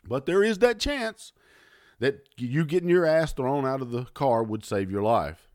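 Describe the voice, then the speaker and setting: A middle-aged man hosting a talk show rants angrily about politics, swearing often and sneering with sarcasm. His mid-range, somewhat mellow voice is expressive and unhurried. The recording is dry, clean studio sound.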